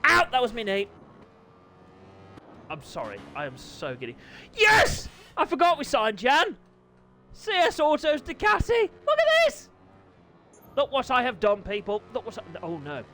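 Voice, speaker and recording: Excitable high-voiced man commentating. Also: unhurried, long pauses, background noise. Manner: excitable, jokey, bursts into yelps and laughter. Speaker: race league host and streamer. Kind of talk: live race commentary and chat.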